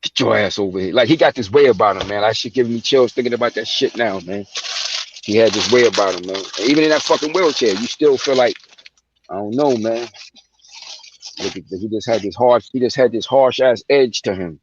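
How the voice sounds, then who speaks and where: Speaking over a phone on an online stream, a man chats casually as a guest; he is the son of the real person the movie is about. He tells loose, slang-heavy stories briskly, acting out quoted voices in a fairly low pitch. The audio has the highs cut off and a noisy background.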